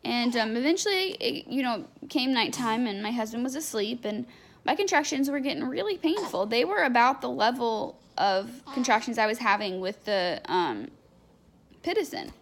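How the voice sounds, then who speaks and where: Young woman vlogging, talks kinda high, super chatty, lots of likes and you knows. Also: animated, moderate pace. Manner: chatty and unfiltered, heavy on fillers. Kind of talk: candid storytelling.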